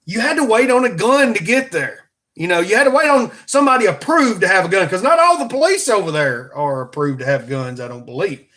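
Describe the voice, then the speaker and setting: A man's voice: high-pitched, lively intonation, fairly quick, sharp tone. A man with an Alabama accent hosting a podcast in a folksy, rambling, joking monologue. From Alabama, USA. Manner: folksy, joking, plugs merch. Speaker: podcast host.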